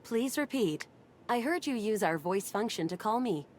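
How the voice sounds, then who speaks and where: A woman voicing a calm, polite female home-assistant AI that repeats its prompts in a video game. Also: medium pitch, moderate pace, close to an everyday voice.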